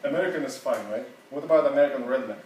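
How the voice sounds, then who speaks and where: Teaching a seminar in a university classroom, a man whose first language is Russian sounds distant and echoey, with a crowd audible behind him. His mid-range voice is casual and halting, and he laughs a lot.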